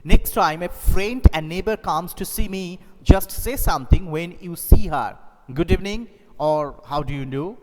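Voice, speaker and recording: A man reading the lines of a sharp, bossy middle-aged wife in a raised, emphatic voice. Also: sits high, normal speed, voice pushed up, natural voice. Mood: lecturing. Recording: echoey hall, faint noise.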